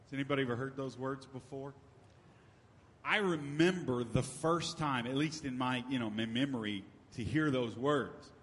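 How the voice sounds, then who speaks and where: A man's voice: medium pitch, moderate pace, a bit bright. A man preaching a sermon as pastor, in a conversational style with emphatic repetition. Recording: long hall reverb.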